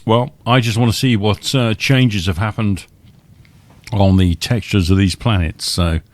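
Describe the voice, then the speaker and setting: A man's voice: fairly low pitch, fairly even intonation, a little slow. A man casually commentating his gameplay live as a streamer, chatty and muttering asides to himself. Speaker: game streamer. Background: spaceship engine and vehicle noise.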